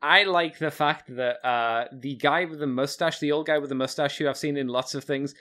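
A man's voice: fairly high pitch, normal speed, sharp tone. A man co-hosting a fan podcast in casual chat, blunt and sardonic, with the odd swear word. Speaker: podcast co-host.

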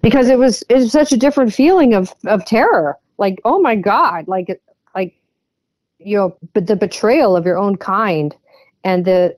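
A woman's voice: mid-range voice, darkish tone, dry recording. Earnest woman telling her story. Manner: earnest, vivid retelling with frequent fillers. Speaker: guest. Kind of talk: personal storytelling in an interview.

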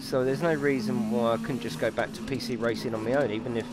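A man's voice: medium pitch, fairly even intonation, quick pace, very noisy. A man hosting a live racing stream from his home rig, chatting casually with viewers, swearing and exaggerating as he talks.

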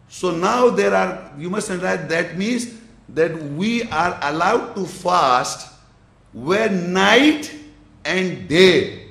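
A man's voice: sits high, creaky, fairly bright tone. Guy teaching a religious class, keeps asking if you follow, roomy echo. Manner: explains slowly with gestures, checks the audience's understanding. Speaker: Islamic lecturer. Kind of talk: religious lecture to an audience.

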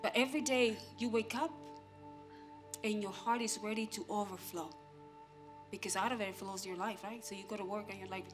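A woman pastor giving an animated sermon, acting out everyday scenes and talking straight to the congregation. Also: medium pitch, normal speed, long pauses, over music. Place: church stage.

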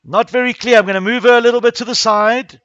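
Teacher, man, very high voice, dry close sound, walks the class through each step. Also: steady tone, fast talker, a bit bright, no room sound, muffled recording. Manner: talks through each click step by step, addressing pupils. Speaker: primary school coding teacher. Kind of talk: classroom coding tutorial. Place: school classroom.

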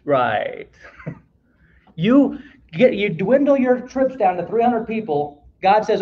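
In a dull, lo-fi recording with slight background noise, a man with a high voice slowly leads a Bible class. Relaxed and conversational, he reads verses, asks the group questions and cracks the odd joke.

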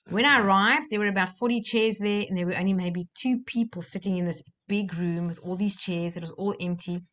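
A woman coach talks live to her viewers from her desk at home. She tells a personal story in a chatty, unscripted way, full of ums and restarts. Her voice sits in a middle pitch. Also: fairly bright tone. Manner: chatty storytelling with many fillers. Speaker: life coach. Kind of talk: live-streamed talk to viewers.

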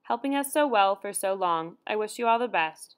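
A woman's voice: medium pitch, animated, moderate pace, smooth, natural voice. A woman reading the lines of a gracious neighbor woman who speaks in a composed, polite way. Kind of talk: audiobook dialogue reading.

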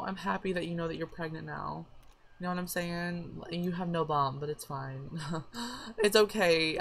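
A woman chatting through a life-sim game with a sore throat and a headache, excitable and swearing freely at her characters. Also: low voice, gravelly. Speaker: let's play gamer. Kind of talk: casual gameplay commentary.

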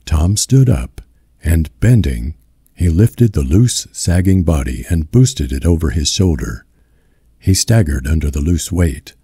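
A man reading a novel aloud as a slow, soothing audiobook narrator into a close mic. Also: a bass voice, dark tone, slightly rough, dry recording. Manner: slow, soothing ASMR delivery.

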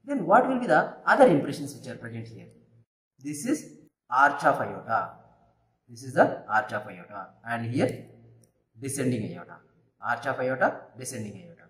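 A man's voice: mid-range voice, sing-song, moderate pace, a bit bright. A man teaching anatomy, repeating terms and checking in with students. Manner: repetitive teacherly, checks with "Right?" and "Clear?". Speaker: anatomy lecturer. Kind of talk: classroom anatomy demonstration. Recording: echoey room.

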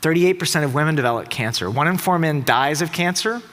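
Middle-aged guy from tennessee giving a stage talk, slightly high voice, emphatic, hall echo. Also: fast. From Tennessee, USA. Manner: emphatic, rhetorical, with lively pitch shifts. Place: large auditorium stage.

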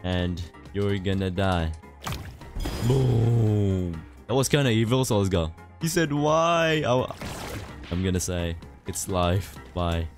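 A young man giving casual commentary over his own gameplay, excitable and laughing, repeating short phrases. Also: low voice, measured pace, soft background music. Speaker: gaming youtuber.

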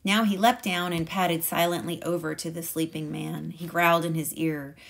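A woman teacher reading a picture book aloud to a class in a calm, measured way. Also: fairly low pitch, vocal fry.

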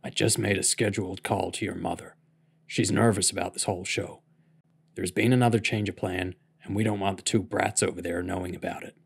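A man reading aloud, voicing a gruff older man who grumbles orders at a teenager. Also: sits low, fairly even intonation, a little fast, full character voice.

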